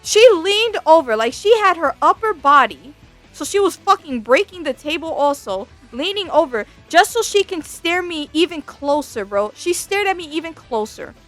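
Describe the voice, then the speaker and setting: High-voiced woman ranting a storytime. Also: moderate pace. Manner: profane, exasperated, animated. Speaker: vtuber storyteller. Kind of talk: casual storytime rant. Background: faint background music.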